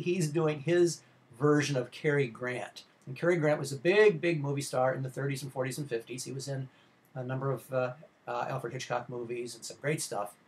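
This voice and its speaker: A middle-aged male instructor talking through a slide lecture on classic movies. He speaks in a casual, meandering way, filling pauses with uh and um and restarting sentences. His voice sits at an ordinary pitch for a man. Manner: rambling and informal, many uh fillers and restarts.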